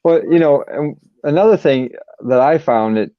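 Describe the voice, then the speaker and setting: A man's voice: on the high side, normal speed, no room sound. A man on a video call, speaking humbly and reflectively and often repeating himself. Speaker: panel member. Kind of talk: casual group chat on a call. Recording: dull lo-fi call audio.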